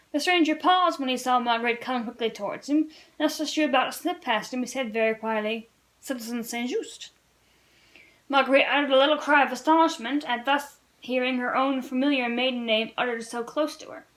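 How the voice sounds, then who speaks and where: A woman reads a classic novel aloud for a book-club read-along, her voice pitched high. She narrates earnestly, now and then tripping and restarting a word. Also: fairly bright tone, rough recording. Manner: earnest storybook narration, occasional slips and restarts.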